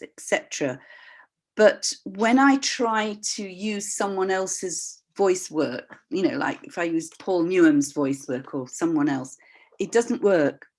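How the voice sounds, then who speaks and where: An older woman tells a personal story over a video call, speaking with an expressive, candid and reflective manner. She acts out the voices of people in her anecdotes, and she often pauses to restart her sentences as she thinks aloud. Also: lowish voice. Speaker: voice practitioner and workshop leader.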